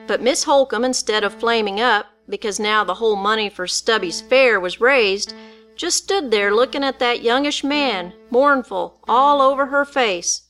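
A woman narrates a storybook in first person, with folksy, rural turns of speech. Her voice is bright and a bit high, and soft guitar plays faintly behind her. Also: normal speed.

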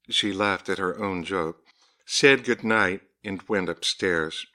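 Bright-voiced man reading a story aloud. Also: takes it slowly. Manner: lifts his voice higher for the characters' lines. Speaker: narrator.

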